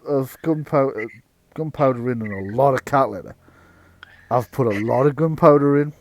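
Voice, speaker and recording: A man's voice: medium pitch, moderate pace, dry recording, natural voice. A man doing a folksy old Geordie rogue. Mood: sly. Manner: folksy, rambling excuses. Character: gruff older man, sly, pipe-chewing.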